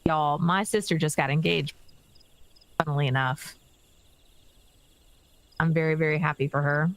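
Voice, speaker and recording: A woman streaming a game, chatting casually in a relaxed, giggly way. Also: low-pitched, moderate pace, no echo. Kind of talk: casual gaming stream chat.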